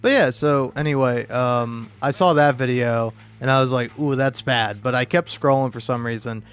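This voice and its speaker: A man's voice: medium pitch, moderate pace, clear, resonant tone, soft background music. A young man streaming a game, rambling in casual chat with lots of fillers and restarts, sarcastic and profane.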